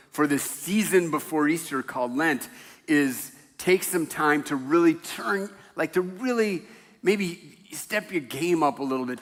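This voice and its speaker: Older male pastor, bright voice, chatty storyteller who laughs at his own jokes; church hall echo. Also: a little high. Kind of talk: casual conversational sermon. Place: church sanctuary.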